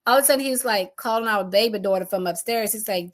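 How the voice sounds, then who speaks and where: A middle-aged woman recounts a frightening day with lively, animated storytelling. She slips into the voices of her husband and children as she goes. Her voice sits a touch high for a woman. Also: fast, hardly any pauses. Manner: animated, acts out voices of family members. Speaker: homeowner telling her storm story. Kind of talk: emotional personal storytelling.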